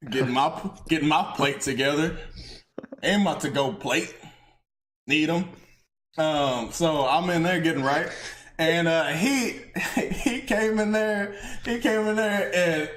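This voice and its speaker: A man's voice: a little high, slow, a bit bright. A Texan man hosting a podcast, telling a story in casual slang and laughing a lot. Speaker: podcast host. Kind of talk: casual chat. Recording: roomy echo.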